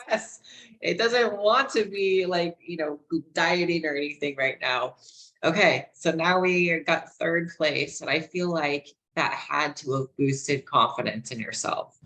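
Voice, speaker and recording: A woman's voice: low-pitched, unhurried, fairly bright tone, poor audio. A woman hosting a casual podcast interview. She chats with enthusiasm and shares her own experiences. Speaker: podcast host.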